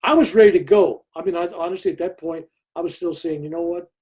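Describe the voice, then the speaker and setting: Brief: older male guest, husky and warm, a lively storyteller who slips into others' voices. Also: high voice, quick pace. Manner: animated storyteller who acts out other people's lines. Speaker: interview guest. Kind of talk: storytelling in conversation.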